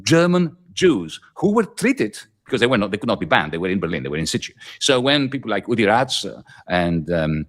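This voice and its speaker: A man speaking earnestly in a played clip, pausing often with fillers as he explains. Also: lowish voice, very animated. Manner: earnest, searching for words with frequent fillers.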